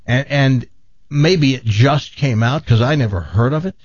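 A man hosting a call-in radio talk show, wry and deadpan, his broadcast sound a little muffled. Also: mid-range voice, measured pace, no room sound.

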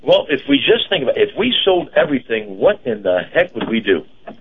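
A man co-hosting a casual radio show. He talks in a halting, chatty way with many fillers. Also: medium pitch, wildly swooping pitch, a little hiss or hum. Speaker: radio co-host and car dealer. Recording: dull lo-fi radio broadcast.

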